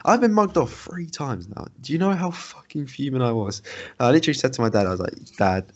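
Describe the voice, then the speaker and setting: A young man talks in a loose, rambling way on a casual podcast, swearing freely as he goes. His pitch sits in the middle. The recording is muffled and lo-fi. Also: animated, a little fast. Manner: rambling, swears, retells an annoyed story. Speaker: podcast co-host. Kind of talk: casual chat. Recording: dull lo-fi sound.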